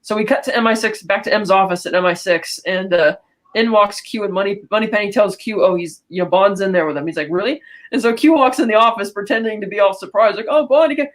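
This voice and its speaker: A woman co-hosting a podcast, casually recapping a film and quoting characters in quick asides. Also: mid-range voice. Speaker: podcast co-host.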